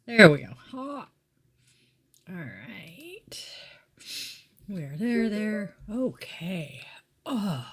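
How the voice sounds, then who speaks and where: A woman's voice: mid-range voice, sing-song, drawn-out words, pauses often, fairly bright tone, breathy edge. A middle-aged woman live-streaming a daily tarot reading from home, chatty and meandering, with asides to her pets. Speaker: tarot reader and yoga teacher.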